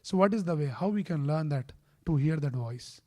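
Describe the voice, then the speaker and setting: Man in a temple giving a sermon, slightly high, mellow tone, explains steadily and questions the listeners. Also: lively intonation, normal speed. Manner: chants Sanskrit verses. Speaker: temple speaker. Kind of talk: scripture class sermon. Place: temple hall.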